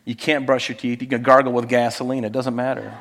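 A middle-aged man preaches quickly in a mid-range voice that stays level in tone and sounds fairly bright. His sermon feels like conversation, full of rhetorical questions and sentences he begins again.

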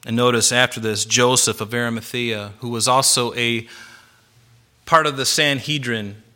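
Male pastor, bright forceful tone, preaching with slow emphatic stresses. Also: mid-range voice, fairly even intonation, clean tone. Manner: emphatic, varies loudness and slows for stress. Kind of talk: sermon.

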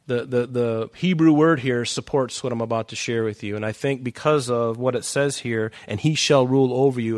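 A man preaching a sermon who reads scripture aloud, repeats key phrases for emphasis and keeps pointing his listeners to particular verses. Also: medium pitch.

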